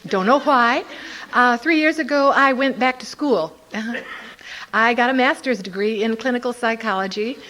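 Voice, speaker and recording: An older woman giving a personal testimony to a recovery meeting, telling her story in an animated way and acting out her own inner voice. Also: a little high, normal speed. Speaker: Al-Anon speaker.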